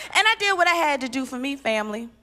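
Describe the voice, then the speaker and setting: Bright, punchy woman doing stand-up. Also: high-pitched. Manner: punchy, animated delivery with sudden loud exclamations. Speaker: stand-up comedian. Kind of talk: stand-up comedy set. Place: live stage at a church event.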